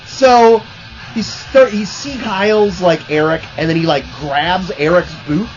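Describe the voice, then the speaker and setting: A man's voice: high-pitched, takes it slowly, muffled recording, faint music behind. A man hosting his own channel, telling rambling, profane stories in a casual way with lots of fillers.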